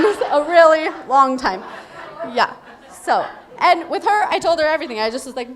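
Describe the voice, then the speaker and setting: A woman's voice: high-pitched, expressive, brisk, some chatter behind, slight background noise. A woman in her thirties sharing her personal recovery story at a meeting, candid and emotional, laughing often as she talks. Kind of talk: personal testimony.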